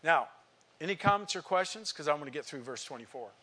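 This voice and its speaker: A man's voice: fairly high pitch, animated, fast, sharp tone. A man preaching a sermon to a congregation, emphatic and asking rhetorical questions. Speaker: pastor.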